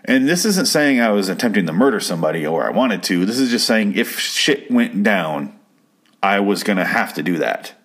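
Low-voiced man telling a rambling story. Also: very animated, moderate pace, a bit bright. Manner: rambling, profane, digressive. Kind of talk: casual storytelling.

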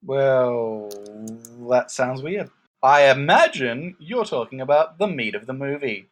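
A man co-hosting a laid-back movie review show, telling the story in a meandering, joking way. His pitch swings widely as he talks, and he stops often to look for the right word. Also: lively intonation, slow pace. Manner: rambling, jokey, searching for words. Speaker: podcast co-host reviewing a movie. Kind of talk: casual chat.

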